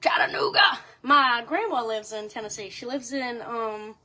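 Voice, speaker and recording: A woman's voice: on the high side, normal speed, noisy background. A young woman with a Southern US accent, chatting casually on a livestream, greeting viewers and saying y'all a lot. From Louisiana. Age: young adult. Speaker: livestream host. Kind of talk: casual chat to live viewers.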